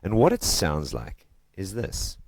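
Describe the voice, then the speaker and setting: A man's voice: low voice, huge pitch swings, takes it slowly, no room sound, clean studio sound. A man teaching literature in a casual video lesson, chatty and joking, leaning hard on stressed words.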